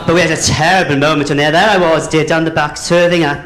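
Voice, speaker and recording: A man's voice: a little high, steady tone, fast talker, a loud crowd. A man doing bawdy, camp stand-up as a drag comedian on a theatre stage. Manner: camp, bawdy, chatty, calls people "dear".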